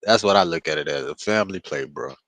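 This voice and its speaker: A man's voice: rumbling low, quick pace, fairly bright tone, no room sound, poor audio. A man co-hosting a casual reaction talk, laid-back and slangy, chiming in with agreement.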